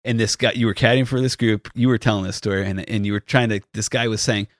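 A man, a golf caddie, chatting casually on a podcast, agreeable and quick to laugh. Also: on the low side, steady tone, no room sound, studio quality. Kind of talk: casual chat.

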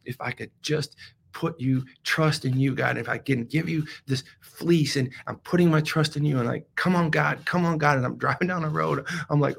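A man hosting a devotional podcast, telling a story dramatically and swinging from hushed whispers to loud pleading. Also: on the high side, moderate pace, gravelly, a little hiss or hum. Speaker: podcast host.

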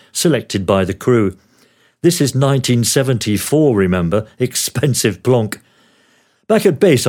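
An older man from Australia reads his memoir as a relaxed narration, voice sitting at an ordinary middle pitch. His delivery is wry and dryly funny, a former news producer looking back on his career. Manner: wry, dryly humorous storytelling. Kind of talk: memoir read aloud as narration.

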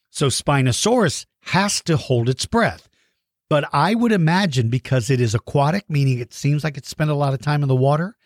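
A man's voice: medium pitch, no echo. A friendly man answers kids' questions on his podcast in a casual, chatty way, sometimes tripping over tricky names. His voice sits mid-range and sounds close and dry. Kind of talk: casual chat.

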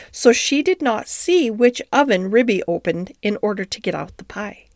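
A woman narrating a classic storybook in a gentle, expressive reading. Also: medium pitch, dry recording, clean studio sound.

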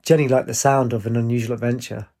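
Husky male audiobook narrator. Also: mid-range voice, flat delivery, fast, mellow. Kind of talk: audiobook reading with character voices.

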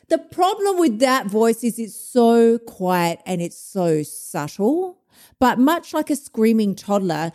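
A fired-up woman hosts a motivational podcast monologue, swearing freely as she gives tough love. Her voice sits a little high, and she talks like a coach who wants to shake her listeners awake. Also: a little mellow. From Australia. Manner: blunt, profane, fired-up tough-love pep talk. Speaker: podcast host, emotional eating coach.

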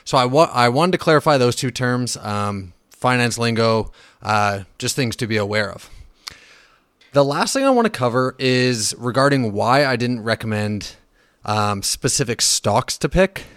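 Hosting a casual solo finance podcast, a man with a smooth, medium-pitched voice talks at a measured pace. He's blunt and profane, ranting with fillers and restarts and getting animated when riled. The studio sound is clean with no echo.

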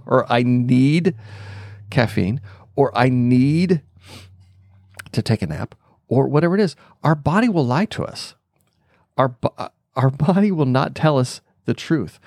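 A man's voice: mid-range voice, a little mellow, dry recording, clean studio sound. A middle-aged man hosting a podcast, telling a personal story in an unscripted, thinking-aloud way, with fillers and small chuckles. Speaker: podcast host. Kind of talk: reflective storytelling monologue.

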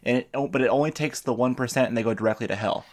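American co-host, mid-pitched, wisecracking banter. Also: male voice, crowd noise. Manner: teasing, quick-witted banter. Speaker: podcast co-host. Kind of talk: casual podcast chat.

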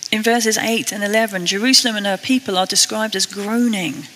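A British woman preaching a sermon, earnest and a little self-deprecating, slowing down to read scripture. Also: mid-range voice, fairly even intonation, fairly bright tone, in a large hall, slight background noise, poor audio. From Britain.

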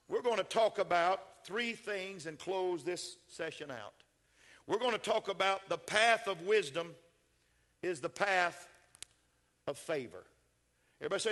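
An older man, a pastor preaching a sermon, swinging from shouted, rising builds to soft, folksy storytelling. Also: high voice, expressive, unhurried, some chatter behind.

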